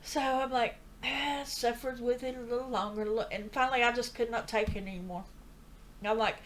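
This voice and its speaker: A woman's voice: a little high, steady tone, moderate pace, fairly bright tone. Older woman telling her story earnestly. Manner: earnest, chatty storytelling with asides. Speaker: vlogger telling a personal story. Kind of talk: casual testimony.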